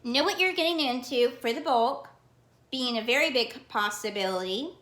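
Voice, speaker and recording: A woman talks in a put-on, cheesy Southern US accent with a slightly high voice. She rambles casually like a vlog host, calling herself Auntie as she chats. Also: normal speed, fairly bright tone, reverberant. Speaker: card collecting channel host.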